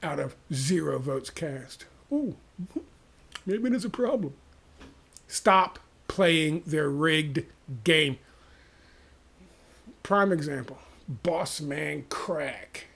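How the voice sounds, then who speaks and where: A man delivering a profane, exasperated, sarcastic rant as a vlogger, with a gravelly voice. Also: fairly high pitch, expressive, drawn-out words, pauses often, a bit bright. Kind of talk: ranting monologue to camera.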